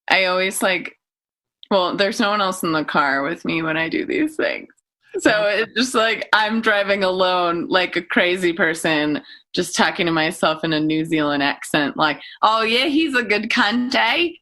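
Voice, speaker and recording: Woman guest, casual chatter, giggly and rambling, bright forward tone. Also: on the low side. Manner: giggly, rambling, slips into comic voices. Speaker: podcast guest. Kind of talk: casual chat.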